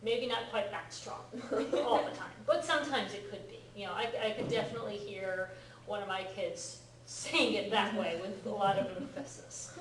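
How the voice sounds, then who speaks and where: A middle-aged woman teaches a class in a patient, explanatory way, often pausing to ask whether her students follow. Her voice sits at an ordinary pitch for a woman. It comes from across a reverberant classroom, with faint room noise behind it. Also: distant mic. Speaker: Japanese language teacher. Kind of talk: classroom lecture. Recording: echoey classroom recorded from afar.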